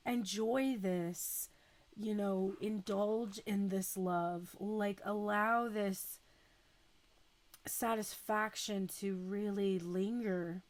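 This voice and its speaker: A woman's voice: mid-range voice, steady tone. Casual woman doing a tarot reading, rambly, easygoing, lots of little asides. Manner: chatty and unhurried, with fillers and self-talk. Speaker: tarot reader.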